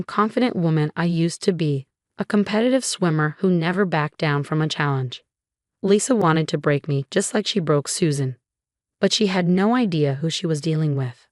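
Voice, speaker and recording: Low-voiced woman narrating a drama story. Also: no room sound, clean studio sound.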